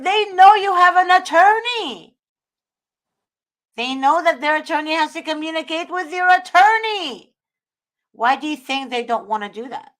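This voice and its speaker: A woman's voice: high-pitched, a bit bright. A woman hosting a talk show, giving earnest, preachy advice and repeating her points. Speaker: host.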